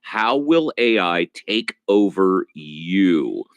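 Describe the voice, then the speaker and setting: Man in casual debate, argumentative and animated, low voice, dry room. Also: drawn-out words, no room sound, dull audio. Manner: insistent, argumentative, lively. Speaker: debate participant.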